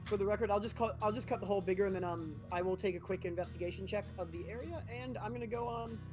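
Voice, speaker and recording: A tabletop player talks quickly and loosely, full of ums and quick asides. A faint musical bed sits underneath. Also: medium pitch, over music. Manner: rapid, rambling, many fillers. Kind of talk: casual tabletop game chat.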